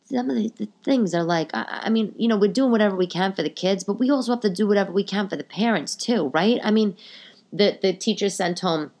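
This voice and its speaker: A woman's voice: medium pitch, fairly quick, darkish tone. A woman in her thirties hosting a casual solo podcast from home, venting in an exasperated, swearing rant. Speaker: podcast host. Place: home living room.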